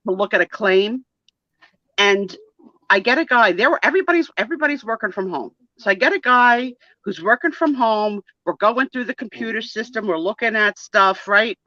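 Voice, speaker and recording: Animated, laughing woman host, bright voice. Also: medium pitch, no room sound, lo-fi sound. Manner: animated, laughing, acts out the people in her stories. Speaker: talk show host. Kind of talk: storytelling casual chat.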